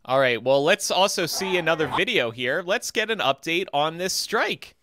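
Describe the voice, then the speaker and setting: A man's voice: a little high, animated, moderate pace, sharp tone. A man co-hosting a comedy podcast, easygoing as he steers the segments, on a close, dry mic. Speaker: podcast co-host. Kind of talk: casual comedic banter.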